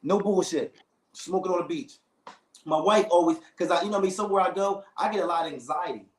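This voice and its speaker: Man, casual storyteller, high-ish voice, animated, slangy, echoey room. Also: brisk. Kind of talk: casual chat.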